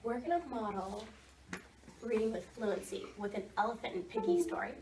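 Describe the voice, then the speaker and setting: A woman's voice: fairly high pitch, animated, moderate pace, a little mellow, distant mic, slight background noise. Upbeat teacher woman, echoey classroom. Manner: upbeat, giving directions to children. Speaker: second grade teacher. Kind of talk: classroom reading lesson.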